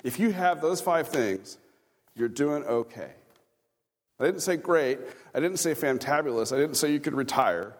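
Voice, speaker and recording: His voice sits on the high side, animated and at a moderate pace. This Kansas pastor gives a conversational sermon in a church sanctuary, tossing in chuckling asides and questions for the congregation, and the recording carries church-hall reverb.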